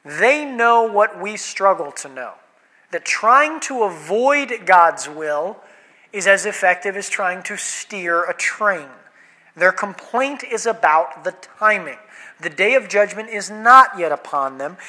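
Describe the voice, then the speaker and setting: Male pastor, sermon, chatty rhetorical delivery, high bright voice, long hall echo. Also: lively intonation, takes it slowly. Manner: conversational preaching, rhetorical questions, quoted voices.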